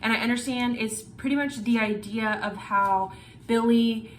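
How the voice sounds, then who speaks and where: A woman's voice: on the high side, steady tone, a little slow, a little hiss or hum. A young woman vlogging about her reading in a gushing, rambling way, cursing freely, restarting sentences and repeating words for emphasis. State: feeling unwell. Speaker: book vlogger. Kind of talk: casual reading vlog. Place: bedroom at home.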